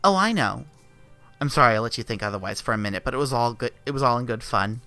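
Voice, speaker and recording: A man voicing a young woman crossplaying as a butler, brisk and teasing, while reading a visual novel aloud. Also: mid-range voice, animated, pushed and bright, soft background music.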